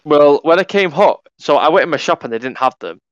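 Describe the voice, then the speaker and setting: A man in casual podcast chat, jokey and sweary, telling lively stories. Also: fairly high pitch, fairly quick, no room sound, dull audio. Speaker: podcast co-host.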